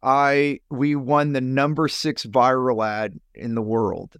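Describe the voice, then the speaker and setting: A man's voice: takes it slowly, clear, resonant tone. A middle-aged man tells his personal story as a guest on a podcast, with a mid-range voice that leaps upward when he plays out remembered conversations. The sound is dry and close, with no room echo. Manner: animated storyteller, rises sharply in pitch when acting out quoted people. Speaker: podcast guest, business coach.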